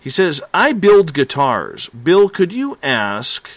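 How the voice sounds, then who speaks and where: Slow, steady radio host, dry sound. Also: male voice, a little high, no echo. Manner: reading out listener reports in a steady, unhurried way. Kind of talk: live talk radio.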